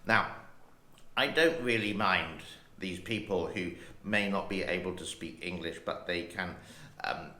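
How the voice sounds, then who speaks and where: A man's voice: low-pitched, bright, forceful tone, a little hiss or hum. A man in his sixties hosting his own channel, rambling casually and reading headlines aloud. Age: 60s. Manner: slow, rambling, chatty. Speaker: channel host. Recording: roomy echo.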